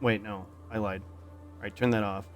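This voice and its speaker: With a lowish voice and fairly even intonation at a moderate pace, this male gamer chats casually and playfully on his livestream, rambling with many repeated fillers. Soft background music plays.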